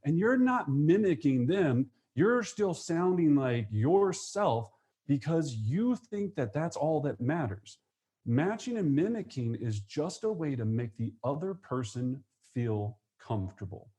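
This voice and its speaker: A man teaching a live real estate webinar, energetic, acting out sales phone calls in quick voices. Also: fairly high pitch.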